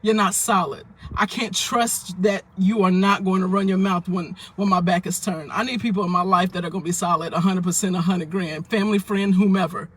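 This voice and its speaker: Female vlogger, emphatic preachy delivery, breathy husky tone. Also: fairly low pitch, fairly even intonation, fairly quick, hardly any pauses. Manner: emphatic, preachy, repeats phrases. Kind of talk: casual talk to camera.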